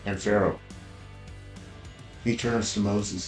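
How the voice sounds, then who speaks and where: A man telling a personal story, unhurried and pausing often, in a roomy echo over faint music. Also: on the low side. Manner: unhurried with frequent "uh" pauses.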